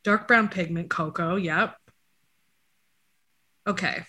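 A woman's voice: on the low side, takes it slowly, pushed and bright. A woman chatting casually as she reads out her dog's DNA results, making jokey asides to her dog. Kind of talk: casual chat.

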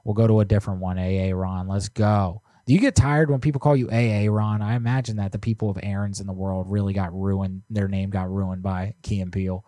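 A man's voice: fairly low pitch, fairly even intonation, a little fast, few pauses, mellow, no room sound. A man co-hosting a prank call stream, chatting casually and joking while he reads out viewer submissions. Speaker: prank call show co-host. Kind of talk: casual live-stream chat.

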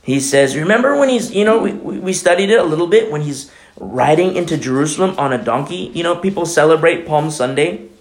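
Gravelly-voiced impassioned male preacher. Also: on the high side, lively intonation, brisk. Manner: impassioned, conversational, many fillers. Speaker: pastor. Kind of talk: sermon.

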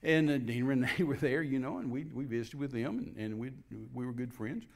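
A man's voice: medium pitch, fairly quick. An older man telling a personal testimony in a folksy way, acting out the dialogue as he goes. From Texas. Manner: folksy, repetitive restarts, animated quoting of dialogue. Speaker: guest minister.

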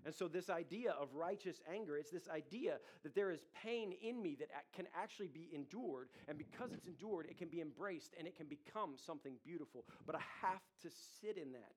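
High-voiced man preaching a sermon. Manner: conversational preaching with audience asides and acted quotes. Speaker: pastor.

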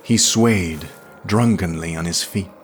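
A man narrating a story in a slow, measured, hushed dramatic reading. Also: low voice, slight background noise. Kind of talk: dramatic audiobook reading of pulp science fiction.

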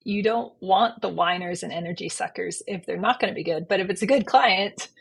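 A woman's voice: on the low side, brisk, gravelly, slightly rough. A woman in her thirties, a business coach, speaking as a guest in an upbeat, fluent way. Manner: upbeat, fluent self-introduction with a few fillers. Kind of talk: podcast interview.

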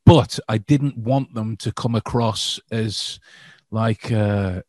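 A man's voice: on the low side, takes it slowly, a little mellow, no echo. A man being interviewed, talking in a hesitant way with many restarts and frequent laughter. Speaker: guest. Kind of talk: casual interview chat.

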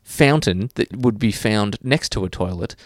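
Relaxed Australian man, dry close sound. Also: lowish voice, moderate pace, no room sound. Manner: relaxed, explaining, swearing casually. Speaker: podcast co-host. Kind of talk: casual chat.

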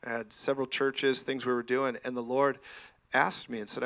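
A man's voice: medium pitch, level tone, moderate pace, a bit bright. Enthusiastic man preaching in church. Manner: enthusiastic, laughing asides, frequent praise interjections. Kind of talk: lively sermon with stories. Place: church sanctuary.

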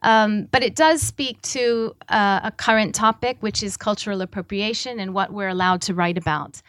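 Halting woman author at a reading. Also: mid-range voice, fairly bright tone, dry recording, clean studio sound. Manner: halting, with many ums and uhs. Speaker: author reading her work. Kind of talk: public book reading.

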